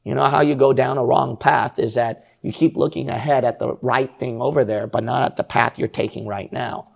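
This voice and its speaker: A male preacher delivering a sermon, pressing his listeners with one rhetorical question after another. His voice is deeply gravelly and rough, with a husky, unclear edge, sitting at an ordinary pitch for a man. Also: fairly even intonation, normal speed. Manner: exhorting, repetitive rhetorical questions.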